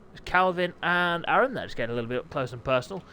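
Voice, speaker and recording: Giddy guy calling a sim bike race on stream, high voice jumping all over, faint hiss behind. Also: racing. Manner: excitable, jokey, bursts into yelps and laughter. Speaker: race league host and streamer. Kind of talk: live race commentary and chat.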